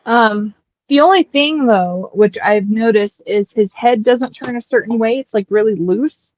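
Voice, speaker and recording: Woman streamer rambling on a headset, dull dry sound, middle pitch. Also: a little slow, darkish tone, no room sound. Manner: rambling, full of fillers. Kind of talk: casual chat.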